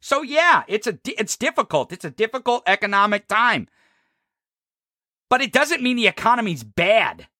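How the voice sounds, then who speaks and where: A combative man hosting a political talk show and ranting with nonstop swearing. His voice sits high and swings widely in pitch, with a bright, sharp edge. The sound is dry and close. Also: no echo. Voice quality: heavy swearing, fiery and combative. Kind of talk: profane political rant.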